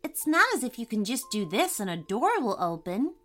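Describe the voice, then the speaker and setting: Storybook girl, high and bouncy, full of wonder as a woman reads her. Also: big pitch swings, moderate pace, faint music behind. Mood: eager. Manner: eager, breathless wonder. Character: hopeful excited young girl exploring.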